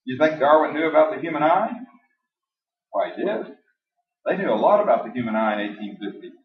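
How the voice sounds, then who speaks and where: A man preaching a sermon in a church hall, emphatic and folksy, slowing down to stress the passages he quotes aloud. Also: fairly high pitch, expressive. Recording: echoey, distant, dull live church recording.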